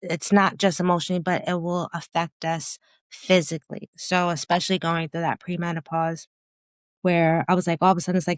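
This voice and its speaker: Woman in her 50s, podcast guest, lowish voice, animated storyteller, dry close mic. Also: normal speed, dry recording. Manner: animated storytelling, voices her own past thoughts, laughs often. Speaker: podcast guest, business founder. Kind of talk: candid interview chat.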